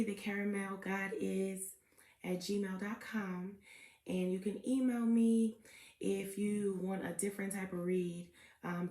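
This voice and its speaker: A woman's voice: mid-range voice, dark tone. A woman tarot reader talking in a casual, chatty vlog, full of "um" and "okay?" asides. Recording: echoey room.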